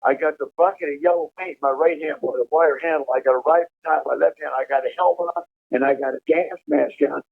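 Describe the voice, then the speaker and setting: A man telling a profane, animated prison story over a prison phone call. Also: on the high side, quick pace, creaky. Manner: profane, animated storytelling, laughing at his own tale. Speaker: incarcerated caller telling prison stories. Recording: tinny phone line.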